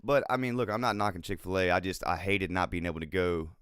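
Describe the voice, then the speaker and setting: A man co-hosting a live podcast, telling stories in an animated way, swearing and laughing often. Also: sits low, fast talker, smooth, dry recording, studio quality. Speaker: podcast co-host. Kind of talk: casual live podcast chat. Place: live show recording.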